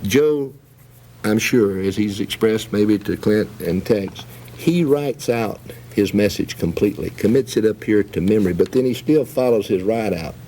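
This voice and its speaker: A low-pitched man with a dark, mellow voice, speaking as a panel consultant in a training video. He gives a measured, approving verdict, with a faint hiss under the recording.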